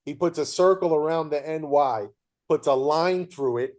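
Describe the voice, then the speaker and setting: A man hosting a casual interview, telling lively anecdotes and acting out what people said. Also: on the high side, moderate pace. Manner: animated storyteller, acts out quoted voices. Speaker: host.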